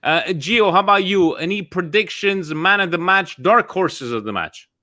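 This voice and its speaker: Podcast host, male, bright upbeat voice, keeps things moving. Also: high voice, normal speed. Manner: lively, upbeat, hands the mic to guests. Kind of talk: casual chat.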